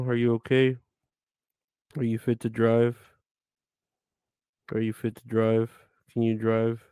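A man's voice: mid-range voice, warm tone, clean tone, no echo. Grumbling, profane male streamer. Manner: grumbling, swears a lot, rambling. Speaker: live streamer. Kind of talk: casual live-stream chat with viewers.

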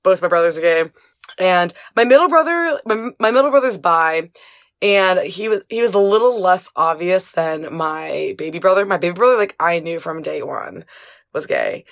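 Woman, late twenties, from the US southwest; slightly low voice; candid, chatty storyteller who swears freely. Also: moderate pace. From southwestern United States. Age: 20s. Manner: candid, animated, with frequent fillers and playful swearing. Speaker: guest. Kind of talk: casual storytelling interview.

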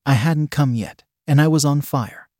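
A man reading a story aloud in a steady, measured narration. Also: on the high side, no echo, studio quality.

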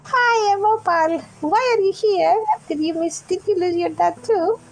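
A woman voicing a frightened little girl who has lost her father, speaking in a high, pleading childlike voice. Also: a little slow. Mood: scared, pleading. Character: scared lost little girl, wide-eyed.

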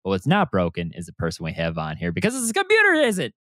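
A man hosting a podcast, talking in an excitable, animated way and swearing freely. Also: low voice, quick pace, no room sound, studio quality. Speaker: podcast host. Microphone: remote recording setup.

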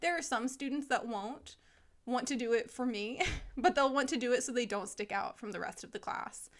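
A woman's voice: fairly high pitch, normal speed, fairly bright tone. A woman teacher co-hosting a podcast in casual chat, talking about her classroom expectations with frequent "like" and easy laughter. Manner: chatty, laughs often, frequent "like".

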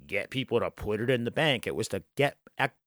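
A male podcast host talks politics in a quick, emphatic way, with plenty of swearing. His pitch sits in the middle of the male range. The recording is dry, with no room sound. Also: expressive, fairly bright tone, no echo. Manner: fast, emphatic, swears freely. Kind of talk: casual political chat.

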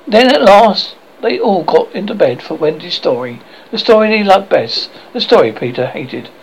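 Expressive male audiobook narrator. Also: high voice, normal speed, vocal fry, slightly rough, rough recording. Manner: expressive, lively storytelling. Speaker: audiobook reader.

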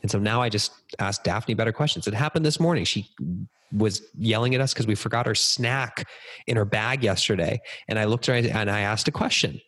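A man in his thirties, a podcast guest, telling stories in an energetic conversational way. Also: fairly low pitch, a little fast. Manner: energetic, acts out quoted dialogue. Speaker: podcast guest, business speaker. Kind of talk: conversational storytelling interview.

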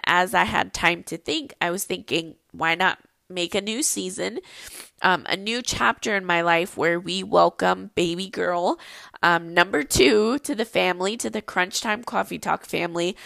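A woman's voice: fairly low pitch, measured pace, gravelly, sharp tone, no room sound. A pregnant young woman chatting casually on her own podcast, rambling with lots of ums. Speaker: podcast host. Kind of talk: casual solo podcast chat.

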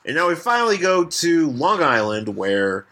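A man's voice: fairly high pitch, sing-song, normal speed, bright, forceful tone, a little hiss or hum. A man co-hosting a podcast, chatting casually about comics, rambling with lots of fillers and casual swearing. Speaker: podcast co-host. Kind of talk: casual comic-book chat.

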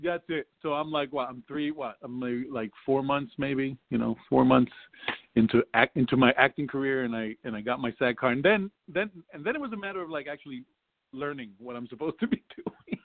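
This gravelly, mid-range male voice moves briskly. The speaker, a New York actor, rambles through anecdotes in a casual interview, stopping to restart and laugh, all heard through a thin, phone-like line.

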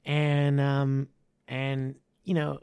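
Male martial arts coach, chatty podcast guest, gravelly, lively, dry close mic. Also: medium pitch, drawn-out words, dry recording. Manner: animated, with many restarts and stressed phrases. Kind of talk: casual podcast conversation.

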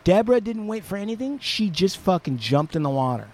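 A podcast host tells a story in a loose, chatty way, full of casual swearing. His voice sits fairly high for a man, and he keeps the telling animated. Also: brisk. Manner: profane, animated retelling.

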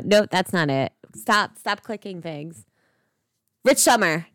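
A young woman co-hosts a casual podcast, rambling happily through movie talk with plenty of ums and the odd curse. Her voice is strikingly smooth and clear. It sounds close and dry, with no room around it. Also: mid-range voice, animated, slow, fairly bright tone, no echo. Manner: chatty, rambling with many fillers and swearing. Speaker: podcast co-host. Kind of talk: casual chat about movies.

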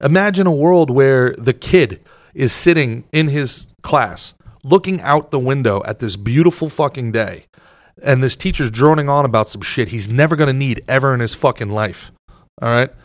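A man's voice: medium pitch, animated, moderate pace, no room sound. Ranting, foul-mouthed man from New Jersey. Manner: profane, ranting, mocking voices. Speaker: podcast host. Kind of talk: crude casual podcast banter.

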